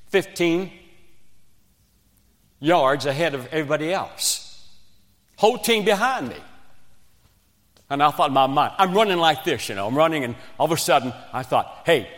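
A man from Virginia, preaching a revival sermon and telling a story with swings between loud emphasis and quiet asides. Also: medium pitch. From West Virginia. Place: church sanctuary. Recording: long reverb of a church hall.

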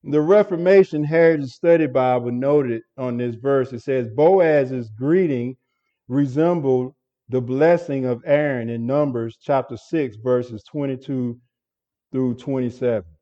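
Pastor, male, slow deliberate earnest sermon delivery, dull lo-fi recording. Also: mid-range voice. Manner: earnest, repeats words and restarts often. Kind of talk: expository sermon.

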